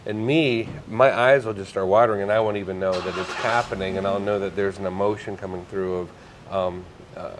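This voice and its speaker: A man, a psychic medium, telling stories in a relaxed podcast conversation, earnest and sometimes emotional. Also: deep voice, fairly quick, background noise. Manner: storytelling, earnest, gets emotional.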